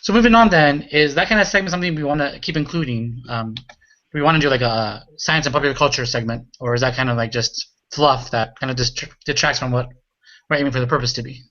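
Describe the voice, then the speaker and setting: A man hosting a casual group meeting, briskly steering through the agenda. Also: medium pitch, pushed and bright, muffled recording. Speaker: meeting host.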